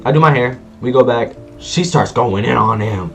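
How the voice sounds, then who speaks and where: A man telling a personal story in a casual vlog, animated and slangy, acting out sounds as he goes. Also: medium pitch, moderate pace, creaky, faint music behind. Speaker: vlogger.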